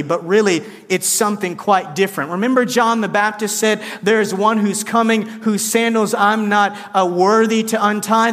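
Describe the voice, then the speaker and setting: A man's voice: sits high, fairly bright tone, long reverb tail. A man preaching a conversational sermon, acting out quoted lines with shifts in his voice. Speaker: pastor.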